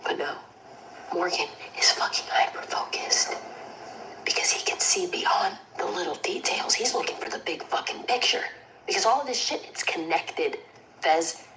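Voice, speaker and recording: A woman's voice: on the low side, lively intonation, normal speed, close to an everyday voice. An actress playing a manic, whispering young woman. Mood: hushed ranting. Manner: intense hushed whispering, heavy swearing. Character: manic, paranoid young woman ranting in hushed tones. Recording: noisy clip replayed through a livestream.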